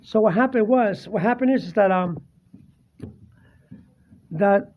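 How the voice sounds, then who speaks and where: A man sitting at his dining table, earnestly recounting a personal ghost encounter with halting fillers and restarts. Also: high voice. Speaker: vlogger. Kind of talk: casual first-person storytelling. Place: home dining room, seated at a table. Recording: dull lo-fi home recording.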